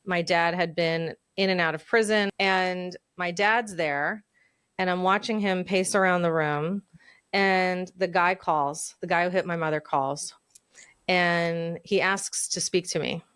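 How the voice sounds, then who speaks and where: A woman's voice: on the low side, fairly even intonation, a bit bright, clear, resonant tone, no room sound, studio quality. A woman in her forties, hosting a podcast and telling a personal story in a candid, reflective way. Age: 40s. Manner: candid, reflective, speeds up and slows down. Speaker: podcast host.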